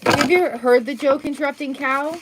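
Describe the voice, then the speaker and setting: A woman's voice: high-pitched, moderate pace, background noise. A middle-aged woman doing a casual, chatty tarot reading on a live stream, full of upbeat exclamations. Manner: chatty, upbeat, exclamations and little sung bits.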